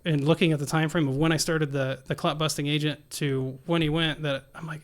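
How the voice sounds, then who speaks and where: A young man with a fairly high voice tells a story from his work as a nurse. He talks animatedly and slips into the voices of the people in it. The setting is a relaxed podcast interview. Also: a little fast. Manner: animated storyteller acting out dialogue. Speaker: nurse and guest.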